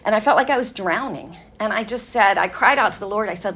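A woman speaking to a women's gathering in an earnest, conversational sermon style, telling stories with fillers and pauses. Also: mid-range voice, fairly bright tone.

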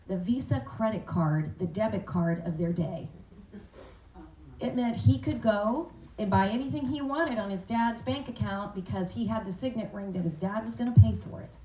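A woman giving sermon-style Bible teaching, animated and questioning her listeners, acting out the words of the father in the story. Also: medium pitch, moderate pace. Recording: echoey room, voice from a distance.

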